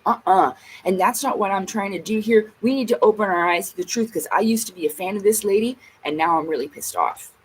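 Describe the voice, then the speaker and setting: A woman's voice: medium pitch, quick pace, hardly any pauses, breathy edge, low-quality recording. A woman vlogger in a casual ranting monologue, blunt and emphatic, swearing heavily.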